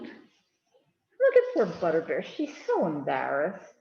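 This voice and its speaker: Lively woman reading storytime aloud. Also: deep voice, slow, vocal fry, pauses often, echoey room, highs cut off. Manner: animated, chatty asides to kids. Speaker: library storytime reader. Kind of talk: children's read-aloud.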